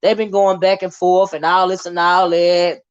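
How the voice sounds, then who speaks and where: A woman's voice: fairly low pitch, little pitch movement, normal speed, clean tone, muffled recording. A woman hosting a casual gossip livestream, chatty and drawling. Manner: chatty, drawling, calls viewers child and honey. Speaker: livestream host.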